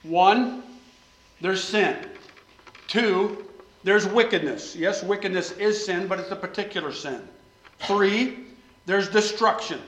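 Male preacher, high-pitched, fervent sermon delivery in a reverberant space. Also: slow, pauses often, slight background noise. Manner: impassioned, swings between loud pleading and quiet asides.

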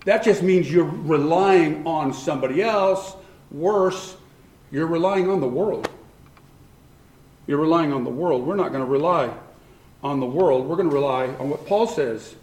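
A man's voice: a little high, unhurried, a little mellow, reverberant. A man preaching a sermon in a conversational way, asking the congregation rhetorical questions. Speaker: pastor.

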